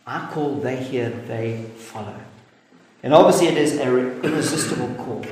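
A man preaching a sermon in an earnest, emphatic way, slowing down to stress key words. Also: mid-range voice, a little mellow. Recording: echoey hall with faint noise.

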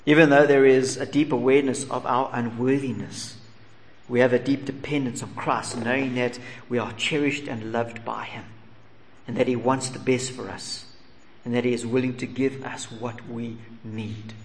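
A man preaching a sermon, earnest and questioning, sometimes dropping to a soft, humble plea. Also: medium pitch, steady tone, moderate pace. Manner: earnest preaching, rhetorical questions, voicing humble pleas softly. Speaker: pastor. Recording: long reverb in a large hall, faint ambience.

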